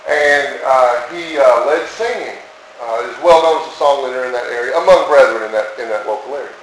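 A man's voice: medium pitch, brisk. A man preaching a sermon in an earnest, emphatic way, often repeating his key phrases. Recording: echoey room with faint noise.

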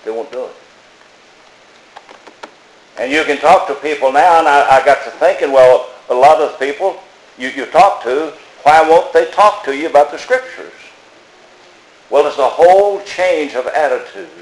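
A man's voice: fairly high pitch, animated, moderate pace, pauses often. An older man preaching a folksy, plainspoken sermon, repeating his phrases as he tells stories. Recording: echoey room.

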